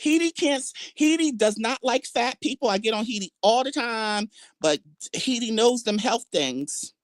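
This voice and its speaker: A woman hosting a livestream, talking casually in a brash, trash-talking way, drawling some words and swinging her pitch up and down for emphasis. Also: expressive, moderate pace, no room sound, studio quality. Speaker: livestream host.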